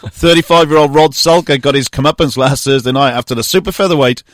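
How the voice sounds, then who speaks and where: A man's voice: medium pitch, fast, no echo, clean studio sound. A man hosting a radio show, reading odd sports news stories with wry, jokey asides.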